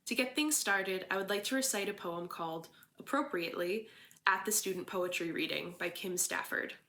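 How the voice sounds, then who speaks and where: A woman with a Philadelphia accent, an English teacher, giving a formal, measured welcome to a school assembly and reciting a poem. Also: mid-range voice, sharp tone.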